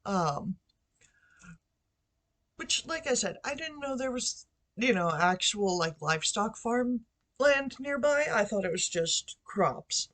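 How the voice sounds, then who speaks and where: A woman's voice: on the high side, lively intonation, slow pace, a bit bright. Chatty woman rambling through a home vlog. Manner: rambling, chatty, with asides and fillers. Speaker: vlogger. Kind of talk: casual storytelling. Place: bedroom at home. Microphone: computer microphone.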